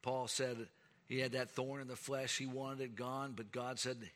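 A man's voice: medium pitch, flat delivery, measured pace, fairly bright tone. A middle-aged man preaching a sermon in an earnest, emphatic way. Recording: long reverb of a large hall.

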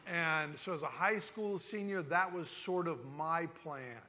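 A man's voice: on the high side, measured pace, sharp tone. A man in his fifties telling his life story in a folksy way, acting out the dialogue he quotes. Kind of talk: personal testimony talk. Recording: long hall reverb.

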